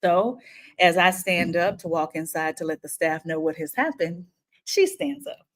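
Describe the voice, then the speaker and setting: A woman, telling a personal story to camera in a lively, animated way. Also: fairly low pitch, normal speed. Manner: animated, acts out quotes, frequent laughs.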